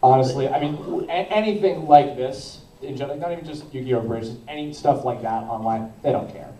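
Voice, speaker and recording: A man's voice: medium pitch, fairly quick, mellow, slight background noise. A man on a convention panel speaking emphatically and animatedly. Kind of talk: casual panel talk. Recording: roomy hall from far off, crowd behind.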